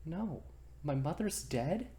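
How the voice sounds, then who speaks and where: Man playing a boastful male thunder god, indignant, bragging, slow-paced. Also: fairly high pitch, expressive, mellow, pitched above the performer's own voice. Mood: shocked.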